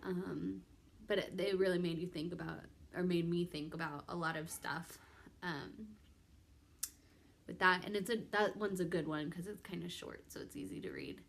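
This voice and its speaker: A woman's voice: lowish voice, steady tone, normal speed, vocal fry. A young woman vlogger chatting casually to camera, rambling with many ums and restarts. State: pregnant.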